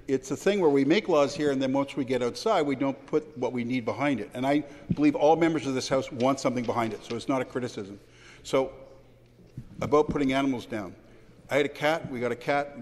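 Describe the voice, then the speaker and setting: A man speaking in a parliamentary debate, personal and anecdotal, with halting restarts. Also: mid-range voice, a little mellow. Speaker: legislator answering questions. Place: large legislative chamber. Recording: long reverb of a large hall.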